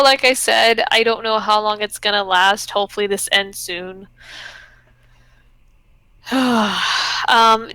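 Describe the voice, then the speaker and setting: Chatty west coast woman, bright crisp voice, laughs a lot, dry close sound. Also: on the high side, dry recording. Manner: chatty, laughs often, lively storytelling. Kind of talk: casual chat.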